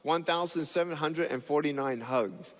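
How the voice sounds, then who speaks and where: A man's voice: on the high side, moderate pace, a bit bright, big-room sound, a little hiss or hum. A man giving a humorous speech to an audience, telling stories playfully and acting out scenes, with many fillers and restarts. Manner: playful storyteller who acts out scenes. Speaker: public speaker.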